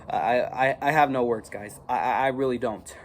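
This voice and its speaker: A teenage amateur reviewer rants casually to camera, his voice sitting at a middle pitch. He rambles, restarts his sentences and piles on fillers, then bursts into louder frustrated runs. Faint noise sits behind him. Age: teens. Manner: rambling, full of fillers and restarts, swinging into loud frustrated outbursts.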